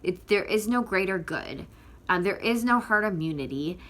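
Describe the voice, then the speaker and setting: Emphatic bright-voiced woman vlogging. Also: mid-range voice, animated, normal speed, slight background noise. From Northwest Florida. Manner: emphatic, rambling, full of fillers and restarts. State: tearful. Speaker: activist vlogger. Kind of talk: impassioned direct-to-camera vlog.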